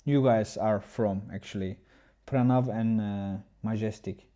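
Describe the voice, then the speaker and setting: Halting male chess streamer. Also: on the low side, fairly even intonation, mellow. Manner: halting, with many restarts, chatting with viewers. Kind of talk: casual livestream chat.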